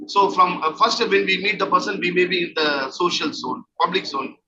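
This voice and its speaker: A man delivers a training lecture as a counselling trainer, repeating his key points as he explains them. His voice sits high and he talks at normal speed, captured by a distant, dull lo-fi mic with faint noise.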